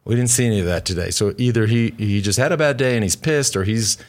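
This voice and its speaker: A man's voice: lowish voice, fast talker. A man co-hosting a casual cycling podcast, a former pro rider who talks bluntly, swears freely and rambles through restarts. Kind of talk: casual chat.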